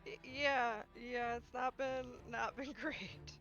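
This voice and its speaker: A woman playing her character in a tabletop game, emotional and expressive. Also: a little high, slow pace, highs cut off, faint music behind. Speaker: player.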